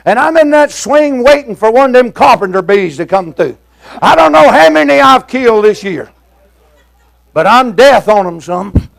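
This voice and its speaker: Shouting in rolling, down-to-earth preacher rhythm, an older man delivers a fiery sermon in a very high, gravelly voice. He's animated but moves at a moderate pace, slipping "uh" fillers between his phrases.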